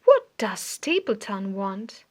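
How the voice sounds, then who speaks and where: A woman's voice: medium pitch, wildly swooping pitch, slow, a little mellow. A woman reading an earnest, curious male doctor who keeps asking questions, in an audiobook. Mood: questioning.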